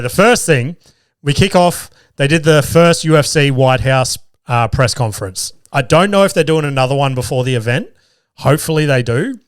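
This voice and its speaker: A man hosting a podcast, retelling stories in a fast, profane, excitable way. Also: mid-range voice, smooth, dry recording, clean studio sound. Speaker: podcast host. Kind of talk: casual chat.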